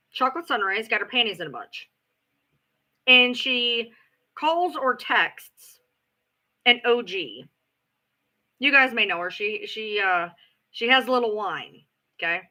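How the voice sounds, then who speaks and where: A woman hosts a livestream and tells her story bluntly, with sarcasm and plenty of swearing. Her pitch rises and falls a lot, and her voice is very bright and sharp. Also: sing-song, measured pace, long pauses, poor audio. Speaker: livestream host. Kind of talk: ranting livestream chat.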